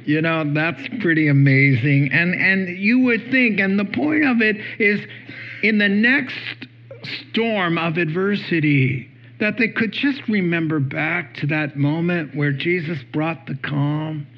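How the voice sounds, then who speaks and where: A man's voice: fairly high pitch, a little slow, highs cut off, slight background noise. A man preaching a sermon as pastor, earnest and building to emphatic peaks.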